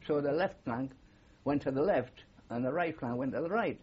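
A man's voice: medium pitch, animated, normal speed, breathy edge, highs cut off. An older man with a Geordie accent, a war veteran telling rambling stories with many fillers in an oral history interview. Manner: rambling anecdotal storytelling with frequent fillers.

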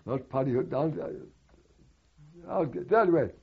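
Older man, husky voice, rambling oral history, somewhat high pitch, dull lo-fi recording. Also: lively intonation, unhurried. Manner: rambling, conversational storytelling with asides. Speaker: war veteran recalling memories.

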